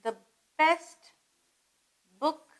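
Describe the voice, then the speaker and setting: A woman teaching English grammar, slow and patient, repeating phrases and spelling words out letter by letter. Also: rough recording. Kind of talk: grammar lesson.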